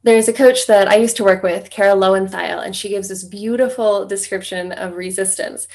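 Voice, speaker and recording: A young adult woman speaks as a coach, with a relaxed, conversational delivery. Her voice sits in an ordinary middle register, and she keeps checking in with her listener as she explains each step. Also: mid-range voice, normal speed. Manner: conversational, tags points with "right?". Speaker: divorce coach. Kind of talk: direct-to-camera coaching talk.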